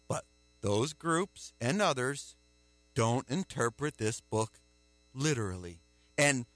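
A man preaching a sermon, emphatic, with rhetorical questions and a forceful delivery. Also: fairly high pitch, dry recording.

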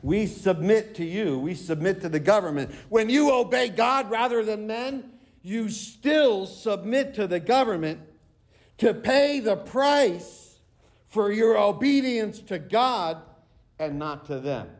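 A high-pitched male pastor delivers a sermon. He reads long scripture passages, slowing down to stress key phrases. His voice sits well above most men's. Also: animated. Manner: preaching, quotes scripture at length with slow emphatic phrases.

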